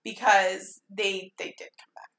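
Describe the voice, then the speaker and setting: A woman's voice: mid-range voice, a little slow. A woman co-hosting a casual movie recap, laughing often and acting out scenes as she retells them. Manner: laughs often, animated retelling with quoted voices. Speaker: podcast co-host. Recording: roomy echo.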